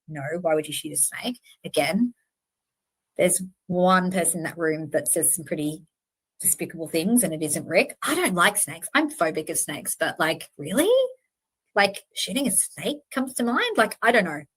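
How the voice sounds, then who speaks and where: Woman, channel host; casual earnest commentary, slightly low voice, self-correcting. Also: moderate pace, breathy edge. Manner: earnest, animated, self-correcting, with many fillers. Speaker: true-crime channel host.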